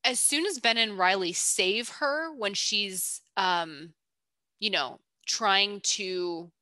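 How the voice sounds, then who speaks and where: A woman's voice: medium pitch, slow, bright, forceful tone, no room sound. A woman co-hosting a podcast, chatting playfully and teasing her co-host while breaking down a film character. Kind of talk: casual analytical chat.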